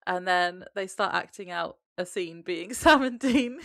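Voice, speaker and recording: A woman's voice: on the low side, unhurried, gravelly, fairly bright tone, dry recording, clean studio sound. A woman co-hosting a podcast, chatting casually about an episode and laughing often. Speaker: podcast co-host. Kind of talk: casual episode recap chat.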